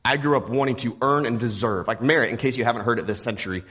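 A young man from Texas preaching a sermon in a relaxed, joking, conversational way. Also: medium pitch, fast talker, breathy edge. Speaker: pastor.

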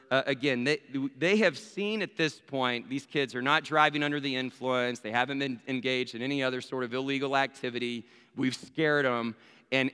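A man's voice: mid-range voice, bright, forceful tone, clean tone. A man telling a story in a sermon, acting out the voices of the people in it. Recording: long hall reverb.

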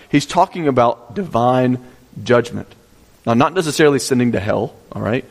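A man's voice: mid-range voice, big-room sound. A male pastor preaching a sermon, teaching step by step, repeating key points and asking the congregation questions.

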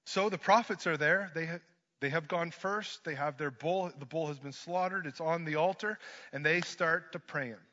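A man preaching a sermon, swinging from hushed lines to loud ones and mixing in joking asides. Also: a little high, normal speed. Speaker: pastor. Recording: dull lo-fi sermon recording.

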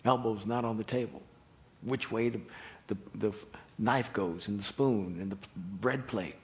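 A man's voice: fairly low pitch, unhurried. Conversational man preaching a sermon. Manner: conversational, animated storytelling. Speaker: pastor.

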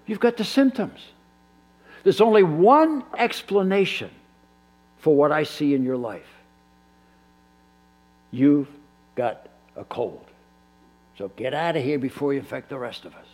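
A male pastor preaching a sermon, animated and acting out little dialogues. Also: fairly high pitch, moderate pace.

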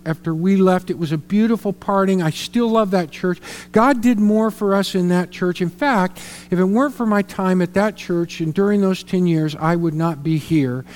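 A man's voice: high voice, a little mellow, big-room sound. A middle-aged man preaching a sermon as a pastor, telling a personal story earnestly and repeating words for emphasis. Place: church sanctuary.

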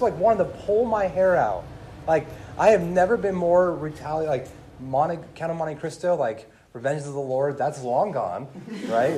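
Young male pastor, casual animated sermon, middle pitch, faint room noise. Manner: animated storytelling, laughing, lots of "like". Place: room with an audience.

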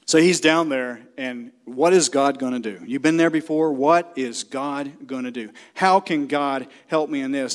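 A middle-aged man preaching a sermon, shouting and emphatic, acting out the people in the story. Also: a little high, moderate pace. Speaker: pastor.

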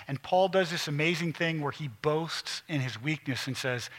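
A man delivers a sermon with a bright, forceful tone set a little above the usual male pitch. He preaches earnestly, swelling to emphatic peaks and falling to quiet, close asides. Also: moderate pace, hardly any pauses. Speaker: pastor.

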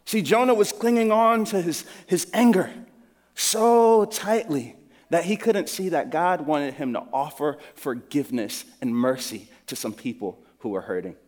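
A man's voice: fairly high pitch, unhurried, a little mellow. A male pastor preaching a sermon in an earnest, conversational storytelling manner. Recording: long hall reverb.

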